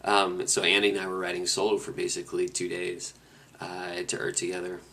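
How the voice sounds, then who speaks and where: Talking about his long cross-country motorcycle journey, this rider tells it in a laid-back, meandering way and keeps starting his sentences over. He speaks low, a little fast, with a gravelly texture.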